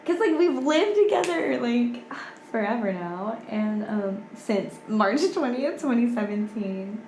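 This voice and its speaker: Young woman guest, twenties, gravelly low-key chat, echoey room. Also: lively intonation, slow, few pauses, slight background noise. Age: 20s. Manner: soft-spoken, heavy use of "like". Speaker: podcast guest. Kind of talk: casual chat.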